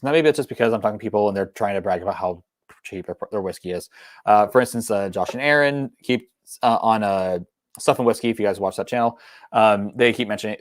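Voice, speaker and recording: A young man hosting a whiskey livestream talks casually and rambles, with many ums and restarts. His voice is fairly low, and the recording is dry with clean studio sound.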